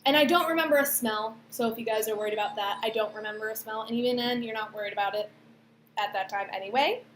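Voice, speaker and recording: Young woman chatting to camera, lively and rambling, fairly high voice, roomy echo. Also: fast. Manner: chatty, animated, lots of fillers and acted-out quotes. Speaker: vlogger. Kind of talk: casual storytelling to camera. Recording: echoey room, faint background noise.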